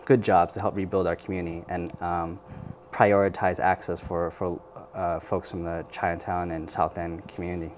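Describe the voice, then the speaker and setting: Male interview guest, low pitch, measured and thoughtful, many fillers, faint background hiss. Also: flat delivery, darkish tone. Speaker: community organizer guest. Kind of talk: news interview.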